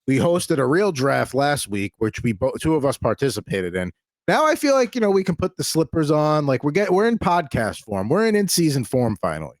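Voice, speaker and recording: A man's voice: mid-range voice, sing-song, a little fast, hardly any pauses, no echo. Male podcast host, dry voice, rambling and upbeat in casual chat. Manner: rambling, many restarts, upbeat.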